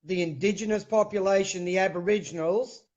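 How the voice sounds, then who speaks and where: An earnest man with a New Zealand accent joins as a guest over a video call and often says mate. His voice sits high, and the audio sounds muffled and lo-fi. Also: fairly even intonation, fairly quick, a little mellow. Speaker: livestream guest. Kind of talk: casual call-in chat.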